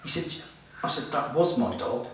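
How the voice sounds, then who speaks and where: Teasing compere in an echoey club. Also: male voice, mid-range voice, animated, normal speed, fairly bright tone. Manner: chatty, swearing, teasing the crowd. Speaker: comedy compere. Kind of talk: stand-up storytelling to a live audience. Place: comedy club room. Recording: very echoey room, far-off mic, noisy.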